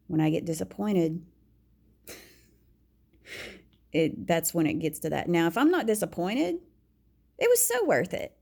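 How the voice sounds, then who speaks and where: In a candid personal monologue, a woman vlogger talks openly about herself with a low, gravelly, dark-toned voice. She stumbles into restarts and lowers to a whisper when quoting her own words.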